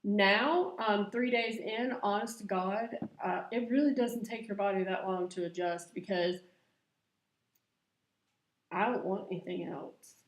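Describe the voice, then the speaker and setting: A woman's voice: mid-range voice, measured pace. A middle-aged woman, chatting to camera in a confessional vlog and laughing often. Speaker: vlogger. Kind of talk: casual vlog chat to camera. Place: room at home. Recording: echoey room.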